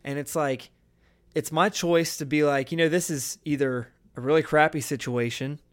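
A man's voice: on the high side, steady tone, normal speed. A young man hosting a casual podcast chat, talking earnestly and rambling, often restarting his thoughts.

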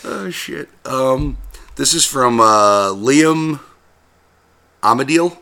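A man's voice: mid-range voice, slow, creaky, pushed and bright, smooth. A man hosting a podcast in casual chat, laid-back and swearing casually. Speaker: podcast host.

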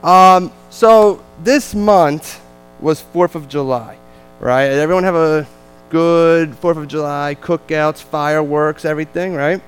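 A man with a New Jersey accent, a visiting missionary telling a lively, self-deprecating family story to a church congregation. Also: a little high, slow pace, clean tone, poor audio.

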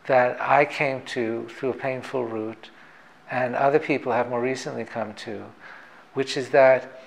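Brief: male theoretical physicist, mid-pitched, thoughtful and measured, professorial explainer. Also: a little hiss or hum, rough recording. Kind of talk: reflective explanatory talk.

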